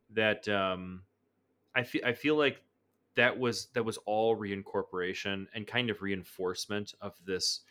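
A low-voiced man with a bright tone co-hosts a podcast, discussing films casually. He's animated, restarting often and laughing quickly.

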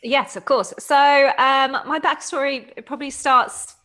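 A woman in her thirties, a fitness coach, telling her story as a podcast guest in a lively, laughing manner. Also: high voice, moderate pace. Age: 30s. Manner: lively storytelling, acts out quotes, laughs often. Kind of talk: casual interview chat.

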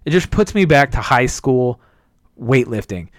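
Animated, profane young man telling stories. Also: unhurried, dry recording, clean studio sound. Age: 20s. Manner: profane, rambling storytelling with high squeaky impressions. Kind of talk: casual chat.

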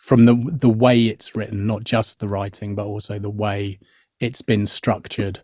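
A man's voice: fairly low pitch, flat delivery, moderate pace, mellow, no room sound, studio quality. A middle-aged man, an actor guest on a podcast, explaining his craft thoughtfully with many fillers and restarts. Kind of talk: podcast interview.

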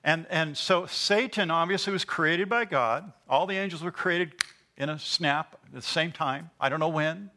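A man's voice: on the high side, moderate pace, sharp tone. A man preaching a sermon, teaching earnestly and asking his listeners rhetorical questions.

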